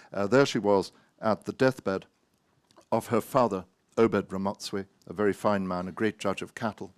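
A man, an author, giving a wry, anecdotal talk full of hesitant pauses and self-mocking asides. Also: fairly low pitch, no room sound.

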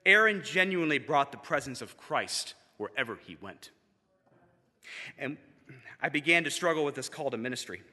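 Bright-voiced man giving a memorial tribute. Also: medium pitch, normal speed. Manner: animated, building to emphatic peaks. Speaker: seminary student giving a eulogy. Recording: long hall reverb.

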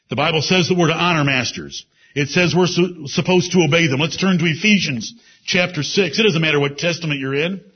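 A man preaching a sermon with emphasis. He repeats key phrases and drops into low asides. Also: fairly quick, breathy edge. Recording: dull lo-fi sermon recording.

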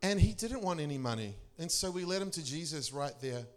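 A middle-aged man, a pastor telling testimony stories in a sermon. He laughs often and his voice leaps up for emphasis. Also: fairly quick. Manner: animated storyteller, laughing often, pitch leaping for emphasis.

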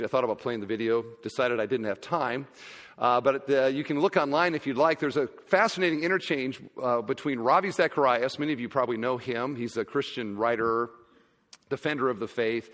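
A man preaching a sermon as pastor, emphatic and swinging between loud and quiet. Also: medium pitch, in a large hall.

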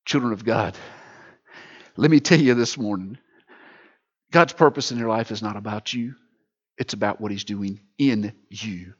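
A man preaching a sermon as pastor, swinging between loud emphatic lines and quiet near-whispered ones. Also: on the low side, moderate pace, pauses often, breathy edge, lo-fi sound.

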